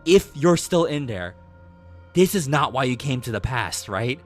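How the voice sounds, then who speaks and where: A man's voice: mid-range voice, very animated, measured pace, soft background music. A man voicing a fed-up, resolute schoolgirl. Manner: blunt and determined.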